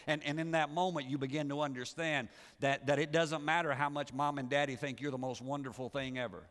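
Male pastor, fairly high voice, talky sermon full of restarts and questions. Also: fast, few pauses, a bit bright, big-room sound. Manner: conversational preaching with frequent restarts and rhetorical questions.

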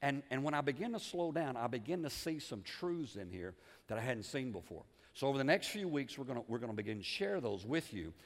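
A man preaches with a folksy, animated delivery, repeating words as he goes and dropping from loud emphasis to soft asides. His voice sits a little high for a man. A long reverb from a large church hall trails each phrase. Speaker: pastor. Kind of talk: sermon. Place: church sanctuary.

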